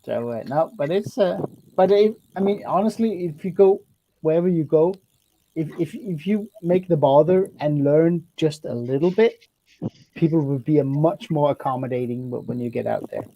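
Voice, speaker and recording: A man's voice: a little high, moderate pace, gravelly, lo-fi sound. A man in a casual group chat over a video call, stammering and repeating words as he starts a point. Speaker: chat participant.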